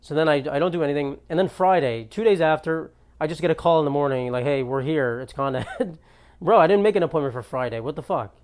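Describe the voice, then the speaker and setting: A man's voice: on the high side, a little fast, darkish tone. Young male comic host, ranting and exasperated, swears freely, solo bit from his apartment. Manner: ranting, exasperated, profane storytelling. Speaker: comedian podcast host. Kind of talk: solo comedic monologue.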